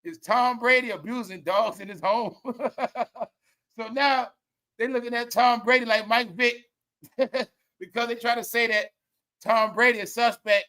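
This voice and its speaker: High bright-voiced man laughing through commentary. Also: a little slow. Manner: laughs often, slangy, profane, animated storytelling. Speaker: commentary livestream host. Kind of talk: casual commentary.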